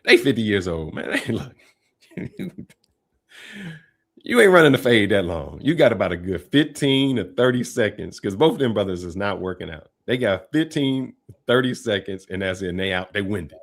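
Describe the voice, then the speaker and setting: Low-pitched male commentator, casual and talkative, reacting to a clip. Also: normal speed. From Detroit, Michigan. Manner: relaxed, chatty, slangy delivery with laughs.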